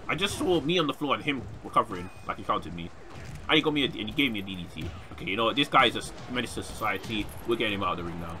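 A young man giving casual, excitable gameplay commentary, often shouting at opponents. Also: on the low side, fast talker, slight background noise. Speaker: gaming YouTuber.

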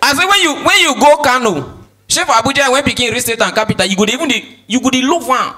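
A man with a Nigerian accent doing lively stand-up comedy, mimicking voices and laughing along with his own jokes. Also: extremely high pitch, quick pace.

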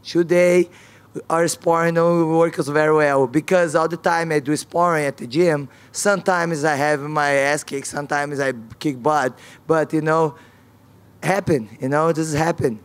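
A woman's voice: sits low, fairly even intonation, moderate pace. A woman fighter at a press conference, speaking frank, non-native English with broken grammar and repeated key words.

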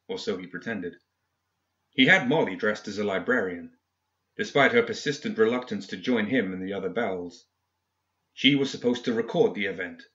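A man narrates a grim fiction story in a measured, even reading. His voice sits on the low side. The recording sounds dull and lo-fi. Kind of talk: scripted audiobook narration. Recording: dull lo-fi audio.

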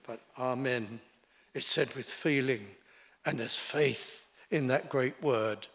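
A man, preaching a sermon as pastor in a deliberate, emphatic way. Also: mid-range voice, a bit bright. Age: 70s. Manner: deliberate, emphatic preaching with short declarative lines. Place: church sanctuary. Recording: long reverb in a large hall.

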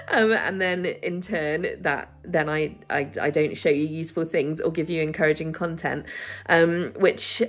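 Chatty woman, husky voice. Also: lowish voice, moderate pace, a bit bright. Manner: rambling, many fillers, nervous laughter. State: close to tears at times. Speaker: vlogger. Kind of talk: casual chat to camera.

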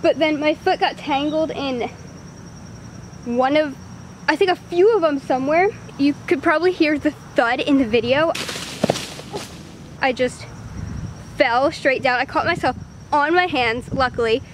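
Out in the woods, a young woman with a high-pitched voice vlogs while out of breath, with background noise around her. She chats in a rambling, casual way about her dance shoot, speaking a little slowly with long pauses.

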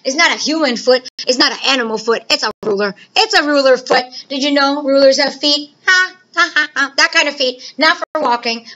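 A woman teacher giving a recorded math lesson to children, playful and animated, asking questions and answering them herself. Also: sits high, highs cut off.

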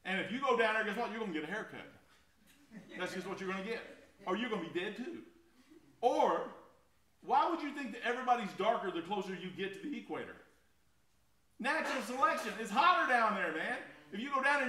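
A middle-aged man delivers a sermon in a folksy, conversational way. His voice sits a little high and rings bright and forceful. He swings from loud, driving swells down to quiet, intimate drops. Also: sing-song, brisk. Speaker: pastor.

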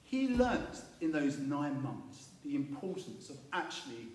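Male preacher, slightly high voice, animated sermon delivery, roomy distant sound. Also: measured pace, slight background noise. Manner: animated storytelling, acting out biblical voices. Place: church. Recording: echoey room, mic at a distance.

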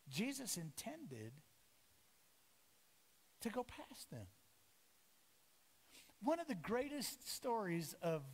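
A male pastor preaching a lively sermon to his congregation, acting out the voices of the disciples and Jesus. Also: a little high. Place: church sanctuary. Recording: echoey church hall.

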